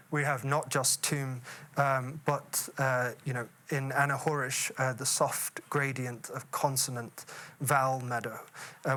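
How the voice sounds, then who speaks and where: A man, a poet, giving an academic lecture and reading poetry aloud. He speaks in a measured, thoughtful way with frequent "uh" fillers and slows down to savour quoted words. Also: medium pitch, pushed and bright.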